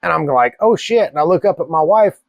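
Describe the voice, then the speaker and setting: A man's voice: fairly high pitch, animated, fast, vocal fry, no room sound, lo-fi sound. Profane man telling a wild story. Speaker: cigar channel host. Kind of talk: casual storytelling.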